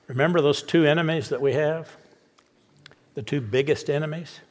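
A man's voice: a little high, steady tone, moderate pace. A man pastor telling a story in a sermon and then leading a prayer, stretching out words for emphasis.

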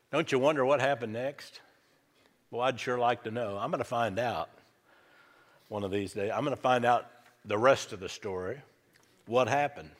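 A man's voice: medium pitch, normal speed, pauses often. A male pastor preaching a sermon, emphatic and repeating his key lines for effect. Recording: reverberant church hall.

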